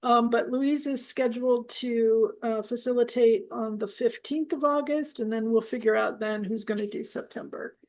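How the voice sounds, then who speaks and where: Brisk woman leading a discussion group. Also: on the high side, fairly even intonation, darkish tone. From New Orleans area. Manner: brisk, keeps time, reads aloud.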